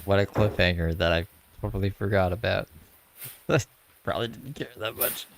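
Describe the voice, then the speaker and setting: A man with a fairly low voice comments on a stream he is watching. His remarks come out laid-back and offhand, like easy reaction chatter. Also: moderate pace, creaky.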